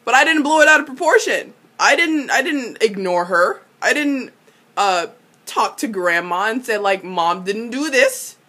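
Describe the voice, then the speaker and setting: A young woman recapping a TV episode in a casual, animated way, exclaiming, swearing and laughing often. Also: on the high side, normal speed. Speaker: vlogger.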